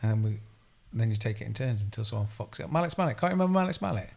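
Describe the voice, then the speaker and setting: A man's voice: lowish voice, expressive, racing, creaky, a little mellow. Chatty guy telling stories. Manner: laughing, rambling storyteller. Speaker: podcast co-host. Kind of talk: casual chat. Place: studio room under bright lights. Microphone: table mic.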